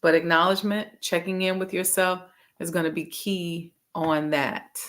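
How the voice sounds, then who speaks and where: A woman's voice: fairly low pitch, level tone, moderate pace, fairly bright tone. A woman coaching viewers on a live stream. She talks in a casual, direct way and speaks straight to her audience. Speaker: emotional intelligence coach.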